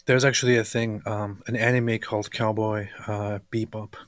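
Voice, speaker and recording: A man with a fairly low voice talks casually and haltingly, pausing to find his words. The sound is dry and close to the mic. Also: flat delivery, a bit bright, no room sound. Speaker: co-host. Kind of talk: casual livestream chat.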